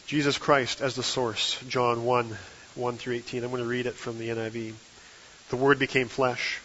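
A man preaching a sermon from the pulpit, with a measured delivery and emphatic stresses on key phrases. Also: mid-range voice, flat delivery, a bit bright, dull audio, slight background noise. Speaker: guest preacher.

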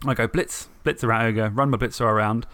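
A man on a podcast, telling the story of a tabletop game match in a lively way, swearing and acting out his own thoughts. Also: mid-range voice, a little fast, no room sound. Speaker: podcast co-host. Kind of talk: casual tabletop game recap.

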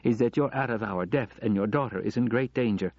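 A man voicing a calm, firm middle-aged wife, raising his pitch, in a dull lo-fi audiobook recording. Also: a little fast, dry recording.

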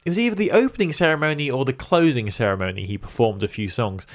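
A man's voice: mid-range voice, fast talker. A young man co-hosting a casual podcast chat, jokey and rambling. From United Kingdom. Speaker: podcast co-host.

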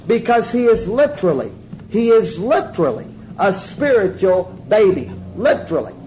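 High-voiced folksy man preaching. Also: sing-song, normal speed, dark tone, slight background noise, low-quality recording. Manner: folksy, jokey, asks the audience questions. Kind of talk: informal sermon teaching.

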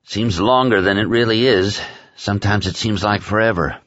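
A man's voice: lowish voice, moderate pace, fairly bright tone, no room sound, muffled recording, close to an everyday voice. A man reading aloud and voicing a crude, boozy male henchman who talks in a rambling, profane, folksy way. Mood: earnest.

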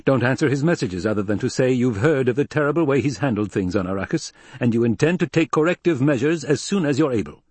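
A man's voice: medium pitch, animated, fast talker, hardly any pauses, darkish tone, breathy edge, no room sound, pitched above the performer's own voice. A man voicing an old male soldier spy and adviser, speaking in a clipped, insistent, lecturing way in a storybook reading.

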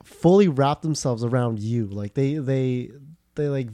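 A young man rambles through casual podcast chat at a middle pitch, circling back with fillers and false starts. His voice is recorded close and dry, with no room around it. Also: unhurried, dark tone, dry recording. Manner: rambling, filler-heavy, many restarts. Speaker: podcast co-host.

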